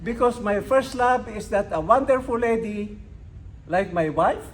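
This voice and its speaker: Slow, emphatic older man giving a speech. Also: sits high, lively intonation, low-quality recording. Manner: slow, emphatic delivery with dramatic pauses. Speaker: club speaker. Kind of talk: educational speech to a club. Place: club meeting room.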